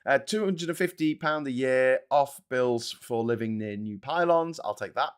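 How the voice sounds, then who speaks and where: A man's voice: medium pitch, moderate pace, clear, resonant tone. A man hosting a casual livestream, reading chat and rambling bluntly, with frequent swearing and fillers. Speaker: livestream host.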